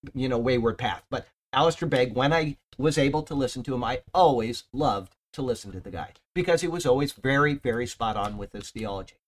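A man's voice: mid-range voice, a bit bright. A man preaching a sermon to a small church congregation in an earnest, conversational way, stressing his key points with more force, then closing in prayer. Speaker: pastor.

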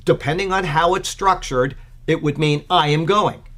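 A man's voice: on the high side, normal speed. Chatty man teaching Bible commentary. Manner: conversational, many fillers, grows excited.

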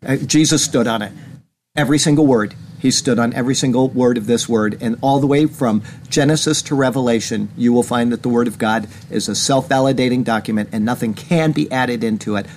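A man's voice: medium pitch, a little fast, darkish tone. Male pastor for a small-church sermon, earnest, voice climbs when indignant, faint hiss underneath. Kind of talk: sermon commentary reading news. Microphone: camera.

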